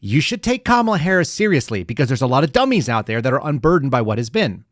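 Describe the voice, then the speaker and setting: A man's voice: mid-range voice, very animated, fast. A male podcast host delivers casual, sardonic commentary that rambles from point to point. His voice sits in a middle range. The close mic sounds dry, with no room echo.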